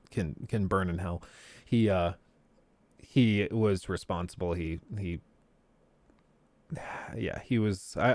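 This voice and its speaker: A man's voice: lowish voice, no echo. An American man hosts a casual livestream, talking things through conversationally. He often restarts his sentences and fills the gaps with "um." His voice is close and dry, with no room sound. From United States. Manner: conversational, frequent fillers and restarts. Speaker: streamer host.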